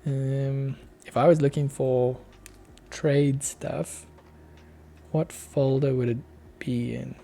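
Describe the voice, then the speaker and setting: A man's voice: mid-range voice, steady tone, slow, gravelly, dark tone. A young Australian man on a casual live coding stream, muttering to himself as he works and chuckling now and then. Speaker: streamer, app developer.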